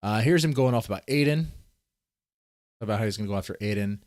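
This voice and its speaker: A man's voice: on the low side, animated, fast, darkish tone, no echo, clean studio sound. A man giving rambling, profane casual commentary, often restarting his sentences as he reads posts on screen. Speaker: commentary streamer.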